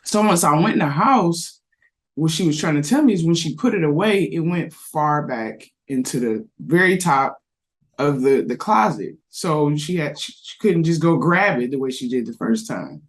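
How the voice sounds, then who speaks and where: A man's voice: a little high, lively intonation, normal speed. A man on a parenting discussion panel, telling a reflective anecdote with frequent restarts. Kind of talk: casual discussion.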